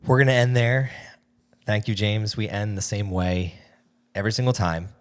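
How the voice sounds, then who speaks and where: A man's voice: lowish voice, normal speed. A man in his thirties hosting a podcast, talking casually and thankfully with his guest. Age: 30s. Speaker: podcast host.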